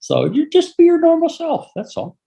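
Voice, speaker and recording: A man's voice: very high voice, wildly swooping pitch, normal speed, gravelly, dark tone, dull audio. A man in an interview giving plain, reassuring advice on how to talk with people who have dementia. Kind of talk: interview testimony.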